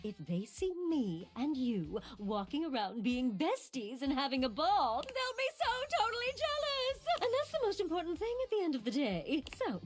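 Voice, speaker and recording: A woman's voice: high-pitched, very animated, normal speed, hardly any pauses, darkish tone, faint music behind. A vain, giggly bathtub girl. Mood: boastful. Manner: boastful, giggly, swooping. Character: vain bubbly female bathtub, self-obsessed. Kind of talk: game voice acting.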